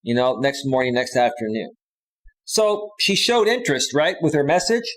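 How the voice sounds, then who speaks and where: A man's voice: medium pitch, big pitch swings, normal speed, fairly bright tone, rough recording. A man coaching in a casual livestream monologue, chatty and often checking in with his listeners, with frequent restarts and repeated phrases. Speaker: dating and life coach.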